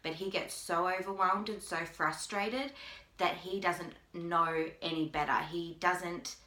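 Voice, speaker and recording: A mother talking to camera in a halting way, with long pauses, holding back tears. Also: fairly low pitch, bright, forceful tone. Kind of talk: personal video appeal. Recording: echoey room.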